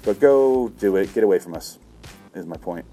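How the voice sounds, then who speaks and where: A man's voice: deep voice, animated, normal speed, loud music behind the voice. A man hosting a comedy show, reading a list aloud and going off on a profane, sarcastic, exasperated rant. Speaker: comedy podcast host. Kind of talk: ranting comedic commentary reading from a book.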